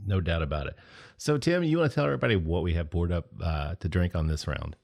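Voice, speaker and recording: A man's voice: sits low, lively intonation, quick pace, creaky, a little mellow. A man from Eastern hosting a podcast in an easygoing, laughing manner. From Eastern Kentucky. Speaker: podcast host. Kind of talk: casual podcast chat.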